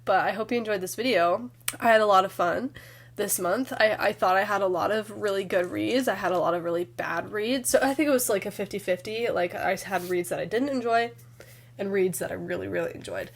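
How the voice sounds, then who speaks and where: A woman with a sick, hoarse voice, chatting casually and rambling a bit as she reviews books in her vlog. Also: medium pitch, fairly quick. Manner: chatty, rambling with fillers and restarts. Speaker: book vlogger. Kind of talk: casual chat.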